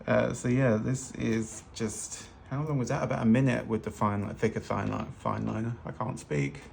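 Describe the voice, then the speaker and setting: His mid-range voice is gravelly and darkish, with little pitch movement and normal speed. The man teaches fashion illustration as he draws, in loose, chatty, self-deprecating tutorial narration. It's recorded on a hands-only overhead camera with slight background noise.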